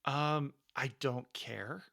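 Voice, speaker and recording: A man's voice: mid-range voice, drawn-out words, creaky, fairly bright tone, no room sound. A man co-hosting a casual podcast chat, dry and sarcastic. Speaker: podcast co-host.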